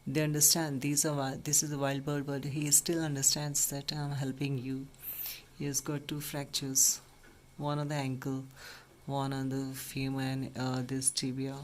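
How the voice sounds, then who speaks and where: A man, a bird rescuer, speaking softly and soothingly to an injured baby bird while explaining its care. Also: medium pitch, monotone, moderate pace. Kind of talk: casual vlog narration. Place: at home, indoors. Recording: noisy home recording.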